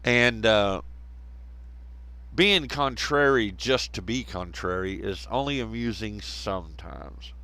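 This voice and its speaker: A man's voice: on the low side, animated, slow pace, bright, forceful tone. A man hosting a casual live stream, rambling, laughing often and bantering with viewers in chat.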